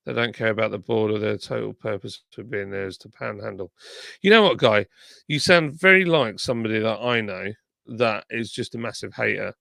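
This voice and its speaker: A livestream host chats casually and reads viewer comments aloud while nursing a sore tongue. His fairly low, gravelly voice has a fairly bright tone and a brisk pace. The recording is dry, with clean studio sound.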